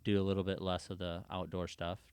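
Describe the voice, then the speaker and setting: A man's voice: low-pitched, a little fast, clear, resonant tone, no room sound. A young man, a motocross race official, chatting as a podcast guest and acting out the voices of people in his stories. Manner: animated storyteller acting out quoted voices. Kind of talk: casual storytelling conversation.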